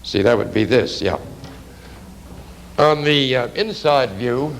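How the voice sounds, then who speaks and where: Male anatomy instructor at the board, gravelly and halting, peppers talk with "you see", faint hum behind. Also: mid-range voice, lively intonation. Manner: dry asides to the class. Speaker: art anatomy lecturer. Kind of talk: classroom lecture while drawing.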